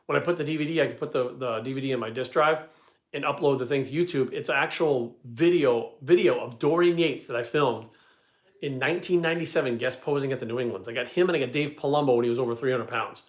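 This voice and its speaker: A man's voice: mid-range voice, quick pace, roomy sound. A middle-aged man giving blunt, profane advice in casual talk, swearing constantly and hammering his points home. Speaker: fitness channel host answering viewer questions.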